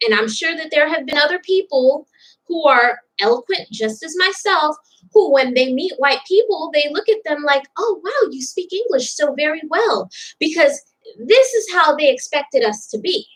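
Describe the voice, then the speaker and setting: A woman's voice: high-pitched, animated, normal speed, poor audio. A young woman commenting on a TV clip in a reaction vlog, outspoken and indignant, stressing her points with emphasis.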